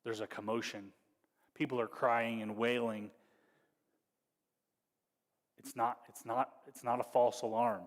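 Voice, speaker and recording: A man preaching a sermon as pastor, talking in a conversational, wry way that moves between hushed storytelling and animated bursts. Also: mid-range voice, a little slow, long pauses, long reverb tail. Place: church hall.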